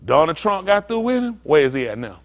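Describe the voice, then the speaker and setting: Animated preaching pastor, man. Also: a little high, a little fast. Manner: animated, rousing, talks back and forth with the congregation. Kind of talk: preaching to a congregation.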